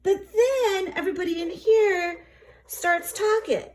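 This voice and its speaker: A woman's voice: high-pitched, slow pace. A woman teacher retelling a classic tragedy in a chatty, playful way, with lots of filler phrases. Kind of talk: casual classroom retelling of a play.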